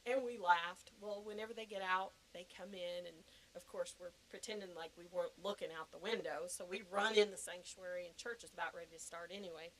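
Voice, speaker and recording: Animated woman telling a story. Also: lowish voice, fairly quick, few pauses, rough recording. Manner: animated, laughing, acting out quoted reactions. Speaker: guest. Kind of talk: storytelling in a podcast interview.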